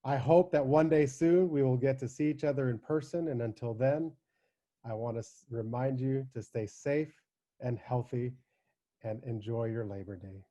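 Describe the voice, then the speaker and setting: A man's voice: medium pitch, normal speed, mellow. A man, a judge, giving an earnest, formal recorded video greeting.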